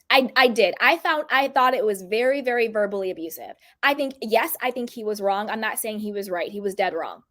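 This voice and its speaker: A woman giving casual, opinionated commentary to her viewers and acting out the quotes she repeats. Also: fairly high pitch. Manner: animated, opinionated, acts out quotes. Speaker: commentary vlogger.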